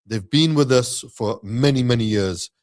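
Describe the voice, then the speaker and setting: A man's voice: medium pitch, moderate pace. Guy co-hosting a stream, chatty and upbeat, plugging sponsors. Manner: upbeat, rallying listeners, reading sponsor shout-outs. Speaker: co-host of an Islamic live stream. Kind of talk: casual live-stream chat.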